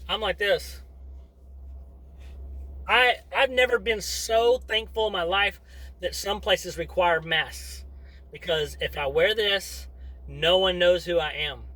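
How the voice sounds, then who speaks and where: A man's voice: sits high, slow, long pauses, pushed and bright, rough recording. A middle-aged man chatting to camera as a vlogger in a rambling, wandering way, breaking off into asides. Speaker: vlogger and father. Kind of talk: casual rambling monologue to camera.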